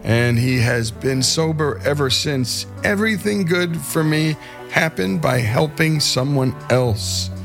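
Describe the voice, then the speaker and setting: Gravelly radio host man over music. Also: on the high side, expressive, takes it slowly, fairly bright tone. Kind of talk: scripted broadcast narration.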